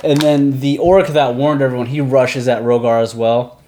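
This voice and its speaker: A man narrating as game master of a tabletop role-playing game, with lively descriptions of the action. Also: mid-range voice, normal speed. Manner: lively, slips into shouted character voices.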